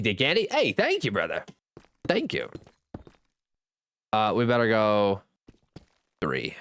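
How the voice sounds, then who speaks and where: A man streaming a game, chatting casually, reading viewers' messages aloud and thanking them, joking at his own expense. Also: a bit bright. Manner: reads and answers chat aloud, thanks viewers; jokey, self-teasing, swings between high and low pitch. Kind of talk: casual live-stream chat.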